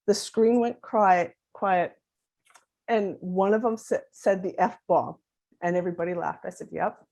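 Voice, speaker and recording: A woman in her fifties giving a conference talk as a parent advocate, animated and acting out quoted dialogue as she explains. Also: on the low side, measured pace, gravelly. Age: 50s.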